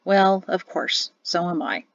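A woman's voice: mid-range voice, measured pace, dry recording, muffled recording, close to an everyday voice. A woman reading an audiobook, voicing a grumbling middle-aged army officer father with a sulky, sardonic manner.

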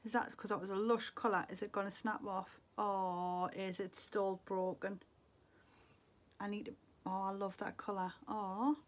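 A woman's voice: medium pitch, flat delivery, measured pace. A middle-aged woman from England, chatting to camera as a beauty vlogger, muttering to herself in a wistful, casual way. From Northeast England.

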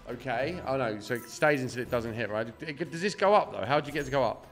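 A man's voice: medium pitch, animated, fast talker, soft background music. A young man doing casual live-stream commentary, swearing freely and chatting to his viewers. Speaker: slot streamer.

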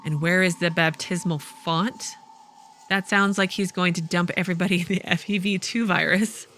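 A woman's voice: on the low side, steady tone, normal speed, fairly bright tone, a little hiss or hum. A woman hosting a let's play, wryly reading the game's dialogue aloud and commenting as she plays. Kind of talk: casual gameplay commentary.

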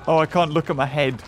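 A young man excitedly commentating his gameplay, often exclaiming and laughing. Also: fairly high pitch, background noise. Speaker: gaming YouTuber. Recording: game music behind voice.

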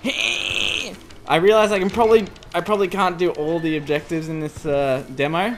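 A man's voice: a little high, moderate pace, vocal fry, slight background noise. A man commentating a horror game demo as he plays, easily startled and yelping "oh no" and "oh god" at every scare. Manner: excitable, yelps and squeals when scared. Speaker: gameplay commentator. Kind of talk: let's play commentary. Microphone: desk USB microphone.

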